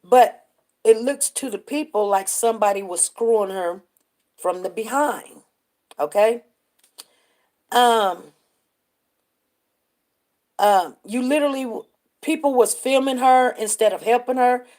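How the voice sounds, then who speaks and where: A woman's voice: fairly high pitch, measured pace, pauses often, a little mellow. A woman hosting a live stream and telling a story in a casual, chatty way. She keeps breaking off to greet viewers by name.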